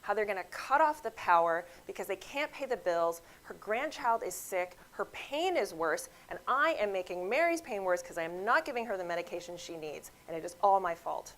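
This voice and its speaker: Give me a woman physician giving a lively grand rounds lecture to the audience. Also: medium pitch, normal speed, few pauses, slight background noise, poor audio. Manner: lively storytelling, acts out quoted voices; addresses audience directly.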